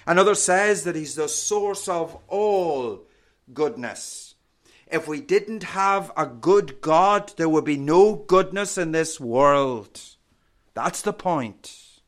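A man delivering a sermon at a very unhurried pace. His voice sits a little high for a man, and each phrase is measured and deliberate, dropping low and soft at the close. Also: lively intonation. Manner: slow, deliberate preaching with falling phrase endings. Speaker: preacher.

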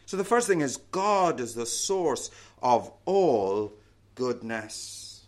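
A man preaching a sermon, reading scripture and explaining it in slow, deliberate phrases that fall away at the ends. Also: medium pitch, big pitch swings.

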